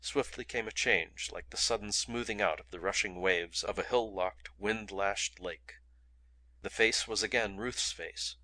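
A man reading an adventure novel aloud in steady, dramatic narration. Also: sits low. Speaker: audiobook reader. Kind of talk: audiobook narration.

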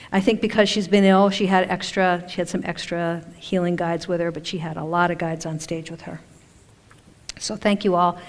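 An older woman from Maine talking casually to a live audience from a stage, chatty and self-deprecating, laughing often. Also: on the low side. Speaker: speaker at a spiritual event. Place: stage in a large hall. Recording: echoey hall with long reverb.

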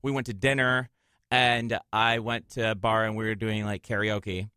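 Bright-voiced man, animated podcast host. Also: moderate pace, smooth, dry recording, studio quality. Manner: animated storyteller, jumps high when quoting people. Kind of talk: casual chat.

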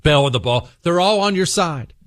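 Animated man telling a political story. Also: a little high, fairly quick, no echo, studio quality. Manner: animated storytelling, acting out characters. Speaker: political talk show host. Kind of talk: political commentary monologue.

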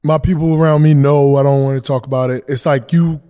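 Man, podcast guest, casual chat, rambling restarts, higher voice, long reverb. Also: steady tone, brisk, warm tone, smooth. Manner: loose, repeats himself, restarts often. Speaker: guest, NBA champion.

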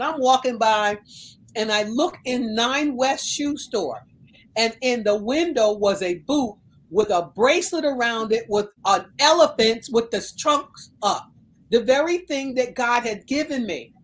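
A middle-aged woman minister from the United States telling a personal faith story in conversation, animated and emphatic. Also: fairly high pitch, measured pace, low-quality recording. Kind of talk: conversational testimony.

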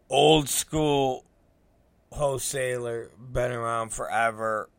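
Slow, forceful man telling a profane story. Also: medium pitch, no room sound. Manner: rambling, swears a lot, acts out quotes. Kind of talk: casual profane anecdote.

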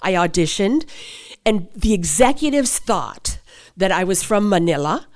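A middle-aged actress and voice performer telling stories in a conversational interview, her pitch jumping up for emphasis. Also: unhurried. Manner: animated storytelling, pitch jumps for emphasis.

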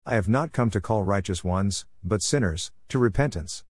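A man reading the lines of a calm, authoritative male teacher in his own plain, measured voice. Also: lowish voice, no echo, studio quality, natural voice.

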